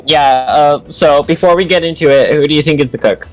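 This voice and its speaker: A man's voice: fairly high pitch, fairly quick, faint music behind. A young man co-hosting a let's play, teasing his friend in a laid-back way. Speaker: co-host. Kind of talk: casual game commentary.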